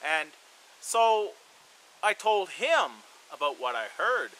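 Bright-voiced man telling a story. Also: high-pitched, takes it slowly, slight background noise, rough recording. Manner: relaxed, rambling, frequent "you know" fillers. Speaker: bushcraft and survival channel host. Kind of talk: casual spoken storytelling.

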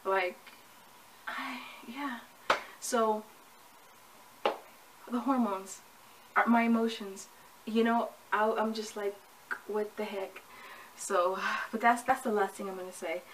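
Recorded from a distance with faint background noise, a young pregnancy vlogger talks to camera in a slightly high, steady voice. She goes slowly with long pauses, rambling casually and laughing at herself as she complains of being hot and sweaty.

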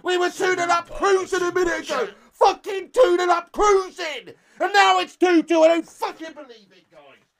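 A man's voice: very high voice, fairly even intonation, normal speed, vocal fry, faint music behind. A young man, ranting and swearing as he reacts live to a football match. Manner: ranting, sweary, shouting in frustration. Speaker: football fan streamer.

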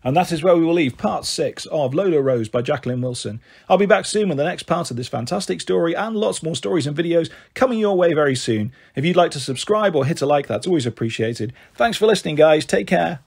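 A man reads a children's novel aloud in a gentle, friendly way. His voice is fairly high and a touch husky. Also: expressive, a little fast, hardly any pauses. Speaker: storyteller.

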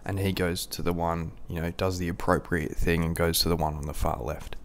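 A man's voice: deep voice, level tone, a little fast, gravelly. A young Australian man telling a crude, rambling, self-mocking anecdote in a casual way, laughing at his own story.

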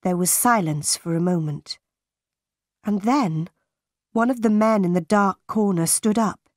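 Woman narrator, learner audiobook, clear and deliberate, very slow, dry. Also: mid-range voice, no echo. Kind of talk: slow graded reader narration for English learners.

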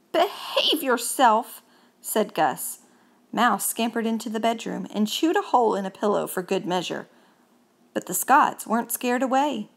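A woman reading a children's picture book aloud, expressive and unhurried. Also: medium pitch, creaky. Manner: slow, expressive storytelling. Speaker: storybook reader.

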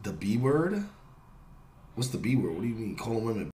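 A young man streaming a live reaction, talking in slang and swinging from low mutters to loud excited shouts. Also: brisk. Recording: roomy echo with faint noise.

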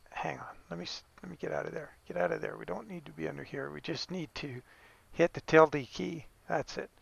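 A man's voice: a little high, creaky, a bit bright, no room sound. A man giving a casual, rambling game tutorial, correcting himself as he goes and chuckling now and then.

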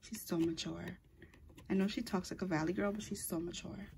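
A woman's voice: fairly low pitch, steady tone, a little fast, gravelly, a little mellow, a little hiss or hum. A woman giving a casual tarot reading, talking in a chatty, rambling way and often correcting herself mid-sentence. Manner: chatty and rambling, with frequent fillers and self-corrections. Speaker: tarot reader.

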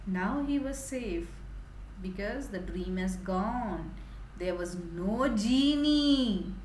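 Animated woman teacher explaining a story. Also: mid-range voice, slow pace, echoey room, a little hiss or hum, poor audio. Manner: animated, asks the children questions.

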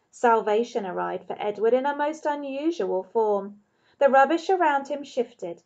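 A woman teacher reads a children's novel aloud, calm and expressive, pacing the story for young listeners. Her voice is fairly high. The recording is dull and muffled, like a low-quality home setup. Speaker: primary school teacher.

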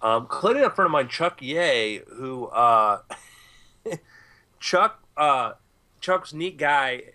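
A man's voice: mid-range voice, lively intonation, takes it slowly, long pauses, pushed and bright. A man co-hosting a podcast, telling a rambling story in a laid-back way, with allergies. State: itchy eyes from allergies. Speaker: podcast co-host. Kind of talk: casual storytelling.

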